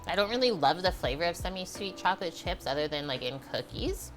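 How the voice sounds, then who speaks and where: Over background music, a woman with a lowish voice talks in an animated, brisk way while running a live cooking stream. Chatty and relaxed, she responds to viewers and keeps saying "like."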